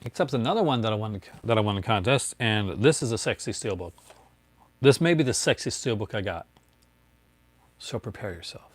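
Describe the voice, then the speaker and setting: A man's voice: on the low side, animated, brisk. A man chatting casually as he shows off his disc collection, rambling, laughing often and greeting viewers by name. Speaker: collector showing his discs. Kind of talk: casual livestream show-and-tell.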